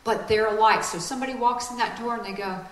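A woman giving a lively, conversational sermon with quick asides. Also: a little high, reverberant, poor audio. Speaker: speaker.

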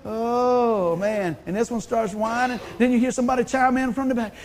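A man's voice: very high-pitched, brisk, few pauses, darkish tone. A man, preaching a sermon in a folksy, conversational way. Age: 50s. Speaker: pastor.

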